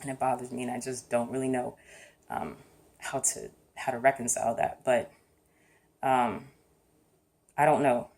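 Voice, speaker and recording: A woman with a strikingly deep, low voice speaks in a casual, reflective vlog. She talks thoughtfully and hesitantly, soft-spoken as she works through her feelings out loud. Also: little pitch movement, moderate pace, gravelly, long pauses. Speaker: vlogger.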